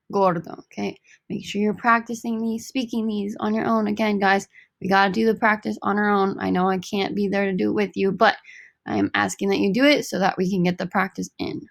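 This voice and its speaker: A woman teaching a recorded Spanish lesson, upbeat and joking, repeating each word slowly. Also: mid-range voice, creaky, dry recording, clean studio sound.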